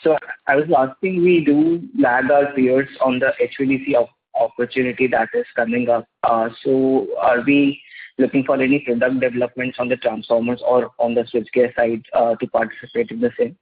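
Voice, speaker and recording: A man's voice: mid-range voice, level tone, normal speed, slightly rough. A man with an Indian English accent, politely asking an analyst's questions on an earnings call. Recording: tinny phone line.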